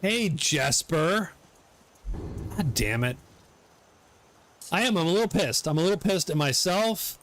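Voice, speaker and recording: Excitable middle-aged man streaming a game. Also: a little high, measured pace, pauses often, slight background noise. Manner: excitable, swears, laughs often. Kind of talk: live gameplay commentary.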